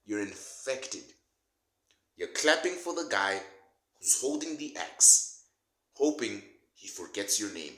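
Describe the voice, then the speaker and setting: Male commentator, mocking comedic rant, animated delivery, roomy sound. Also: on the low side, slow pace, pauses often. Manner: sarcastic, mocking, laughs at his own jokes. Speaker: political commentator. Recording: roomy echo.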